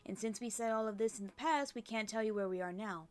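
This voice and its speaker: A woman's voice: a little high, fast talker, lightly acted. A woman reading game dialogue aloud as kindly, fussy old fairy aunts who call everyone dear. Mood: sweet, doting. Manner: sweet, doting, calls everyone dear. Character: kindly elderly female fairies, motherly and fussy.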